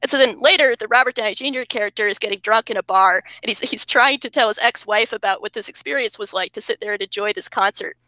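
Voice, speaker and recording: A woman guest in casual conversation over a video call, animated and talking through ideas with many restarts. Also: on the high side, fast talker, few pauses, no room sound.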